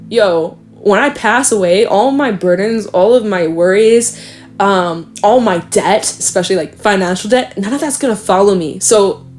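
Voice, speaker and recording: A woman's voice: mid-range voice, darkish tone. Chatty young woman doing a tarot reading. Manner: rambling, chatty, swears and laughs often. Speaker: tarot reader. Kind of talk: casual tarot reading monologue.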